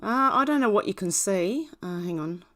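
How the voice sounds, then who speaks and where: A woman's voice: mid-range voice, expressive, normal speed, a bit bright. A woman hosting a casual livestream, greeting viewers by name in a chatty way with frequent ums and small laughs. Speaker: livestream host.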